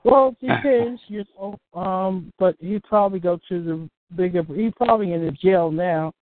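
A man's voice: sits high, normal speed. A man hosting a community call, talking casually in a rambling, easygoing way with lots of fillers. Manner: rambling, easygoing, many "you know" fillers. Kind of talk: casual chat. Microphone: phone or call line. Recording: tinny phone line, dry.

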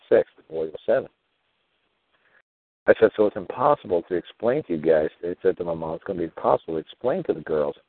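A man's voice: deep voice, gravelly, husky, no echo, phone-quality sound. A man hosting a podcast, telling a long story in a rambling, profane, heated way and acting out the people he quotes. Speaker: podcast host. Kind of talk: casual monologue.

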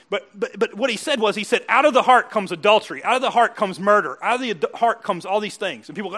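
A man preaching a sermon in a conversational, animated way, often laughing and acting out quotes. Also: high-pitched. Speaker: pastor.

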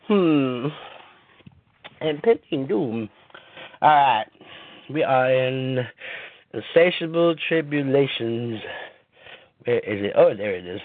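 A man hosting a show, swearing and laughing as he chats and reads his own dark poetry. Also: medium pitch. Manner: profane, laughing, rambling. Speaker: podcast host and poet. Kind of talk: casual chat and poetry reading. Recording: tinny phone-like sound.

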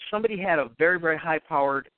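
A man hosting a radio talk show, speaking haltingly with many restarts and fillers. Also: fairly high pitch, dry recording. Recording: dry, phone-like line.

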